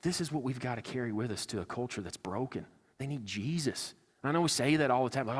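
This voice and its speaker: A man's voice: medium pitch, lively intonation, fast talker, few pauses, husky. A male pastor preaching a sermon, earnest and conversational, slipping into acted-out asides. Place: church sanctuary. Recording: church hall with long reverb.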